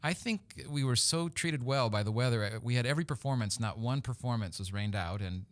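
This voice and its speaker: A man, a theater company guest on a radio show, talking chattily with many pauses, fillers and laughs. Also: mid-range voice, fairly bright tone. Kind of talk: casual interview chat.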